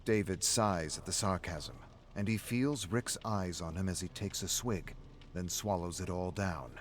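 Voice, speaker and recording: A man narrating a story in an even, measured reading style. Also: sits low, a little hiss or hum.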